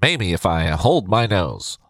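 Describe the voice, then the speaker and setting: A man's voice: sits low, very animated, slow, a bit bright, no echo, clean studio sound, heavily acted. A man doing a nasal Professor Frink. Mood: nerdy. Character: nerdy nasal male professor, fussy know-it-all.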